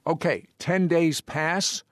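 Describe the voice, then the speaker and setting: A man's voice: a little high, steady tone, slow pace, no room sound, studio quality. A man hosting a broadcast interview, asking probing conversational questions. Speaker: interview host.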